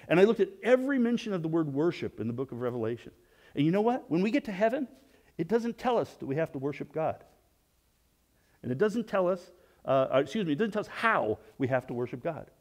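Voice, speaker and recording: With a fairly high voice, a pastor preaches conversationally, asking rhetorical questions and restarting sentences often. When he voices prayers, he drops to a soft hush.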